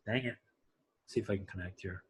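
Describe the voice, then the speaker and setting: A man teaching a live class to a room of people, energetic and often checking that everyone is following. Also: brisk. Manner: energetic, swings loud and high when excited; asks the room for agreement. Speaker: class instructor.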